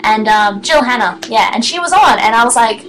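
A woman in her twenties chatting casually on her live stream, excitable, giggly and rambling. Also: a little high, fairly quick, faint music behind, poor audio. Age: 20s.

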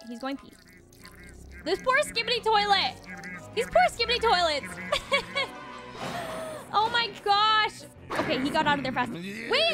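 A young woman hosting a reaction video, exclaiming, gasping and laughing as she comments. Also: very high voice. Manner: exclaims, gasps and laughs often. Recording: loud music behind.

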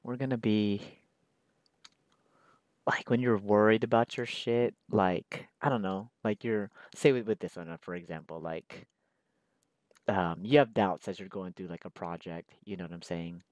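Laid-back rambling man, low dry voice. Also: normal speed, darkish tone, dry recording, lo-fi sound. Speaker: artist drawing on camera. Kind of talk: casual chat while drawing.

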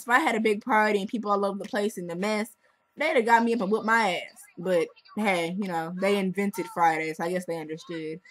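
A young woman reviewing a music video in a chatty, sarcastic, animated way. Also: mid-range voice, rough recording.

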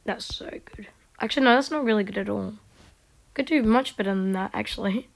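A woman giving casual gameplay commentary, chatting to herself and mocking herself in quiet whispered asides. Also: mid-range voice, fast talker, creaky. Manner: chatty, talks to herself while playing. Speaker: gaming video creator.

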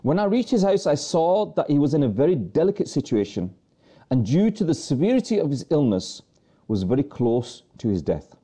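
A man's voice: fairly high pitch, sing-song, normal speed, mellow, slightly rough. A man presenting a religious talk to viewers, earnestly preaching with rhetorical questions and repeated phrases.

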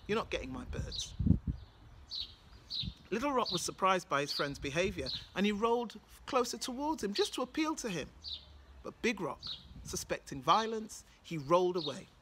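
A woman's voice: medium pitch, sing-song, moderate pace, background noise. A woman from Britain with a British accent, telling a folktale with rhythmic, dramatic repetition. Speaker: storyteller. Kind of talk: oral folktale storytelling.

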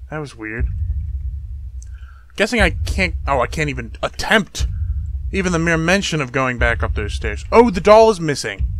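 A man's voice: a little high, a bit bright, a little hiss or hum. A man giving joking let's-play commentary on a horror game, talking back to the game with jumpy exclamations. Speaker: gameplay streamer.

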